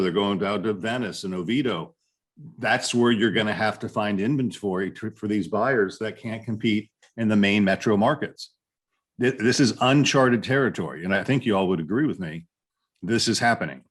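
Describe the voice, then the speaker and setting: Deep voiced guy running a sales meeting, blunt, cracks little jokes. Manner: blunt, informal, joking asides. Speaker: real estate brokerage manager. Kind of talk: business meeting talk.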